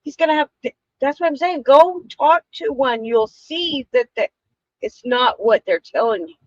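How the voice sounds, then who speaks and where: A woman's voice: high voice, normal speed, no room sound, muffled recording. A woman co-hosting a podcast, skeptical and challenging, often laughing. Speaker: podcast co-host. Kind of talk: casual reaction chat.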